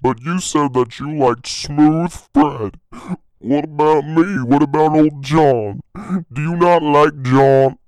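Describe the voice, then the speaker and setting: A man's voice: fairly high pitch, slow, darkish tone, clear, resonant tone, no room sound. A young man voicing a needy, self-pitying man who pleads to be liked. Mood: whiny. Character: whiny, needy man, easily hurt.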